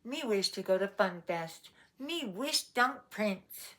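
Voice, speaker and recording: A woman's voice: mid-range voice, animated, slow, fairly bright tone. A woman voicing an eager, sweet female Bigfoot heroine who talks in broken caveman speech. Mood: wishful.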